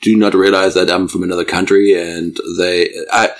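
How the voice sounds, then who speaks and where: A podcast host from Germany talks in a lowish voice with a clear German accent. He rambles through stories, restarting sentences and laughing along the way. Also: flat delivery, normal speed. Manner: rambling, stop-start storytelling with frequent laughs. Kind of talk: casual chat.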